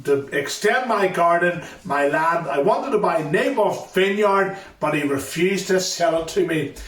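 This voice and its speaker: A man's voice: on the high side, expressive, measured pace, a bit bright. A man doing a spoiled, demanding king. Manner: demanding, petulant. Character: spoiled greedy adult king. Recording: echoey hall, far from mic.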